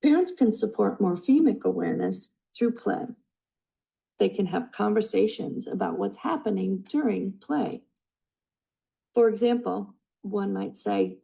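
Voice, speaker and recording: A woman giving a scripted presentation on early language skills, reading in a measured way from prepared notes. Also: medium pitch, expressive, creaky, mellow, low-quality recording. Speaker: student presenter.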